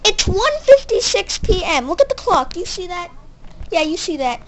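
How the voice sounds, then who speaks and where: A woman's voice: extremely high pitch, very animated, normal speed, a little hiss or hum. A woman scolding her cat in a nagging, repetitive, demanding way. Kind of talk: mock-scolding a pet.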